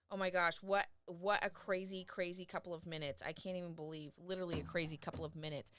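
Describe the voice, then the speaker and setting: A woman with a bright, ringing voice hosts a live-stream commentary. She talks effusively and keeps repeating herself. The sound is dry and close, with no room around it. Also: fairly low pitch, a little fast, creaky, no echo. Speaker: livestream host.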